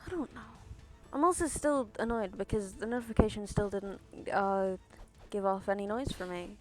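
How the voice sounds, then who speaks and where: Over soft background music, a woman streams a video game, speaking at medium pitch and a moderate pace. She chats casually yet exasperated, swearing frequently and teasing herself, into a close headset mic that picks up her breaths.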